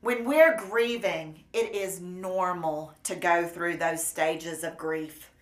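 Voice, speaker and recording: A woman preacher delivering a sermon in an earnest, measured and gently emphatic way. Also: fairly low pitch. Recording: roomy echo.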